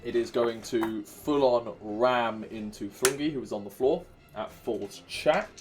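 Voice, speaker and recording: A man's voice: medium pitch, measured pace, music in the background. A man from Wales with a Welsh accent, narrating as dungeon master, counting dice aloud and humming filler sounds. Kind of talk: narrating a tabletop game.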